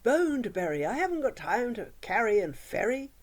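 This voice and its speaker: A lazy storybook dog, playful but never willing to work, growling out his excuses in a voice that a woman storyteller puts on. His voice bounces with a lively pitch. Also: moderate pace. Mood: dismissive. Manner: gruff excuses, in rhyme.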